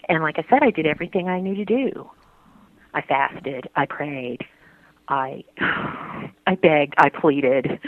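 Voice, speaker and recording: Halting woman on a tinny phone line. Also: low voice, dry recording. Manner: halting, many restarts, earnest. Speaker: interviewee. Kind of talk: personal faith interview.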